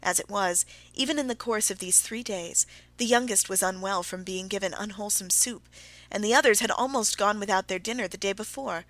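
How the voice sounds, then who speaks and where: A medium-pitched woman gives a measured, expressive audiobook reading of a classic novel, recorded dry.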